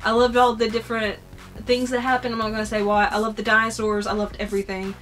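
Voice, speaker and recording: A woman's voice: on the high side, little pitch movement, fast, fairly bright tone, faint music behind. A young woman with a Southern American accent, chatting casually and gushing as a vlogger. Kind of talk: casual chat.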